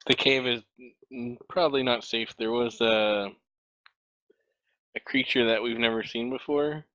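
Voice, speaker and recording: A man speaks as a tabletop game player and often stops to rephrase. His voice sits in a middle pitch. The recording is dry and close. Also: measured pace, fairly bright tone, no echo, low-quality recording. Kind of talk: casual tabletop play.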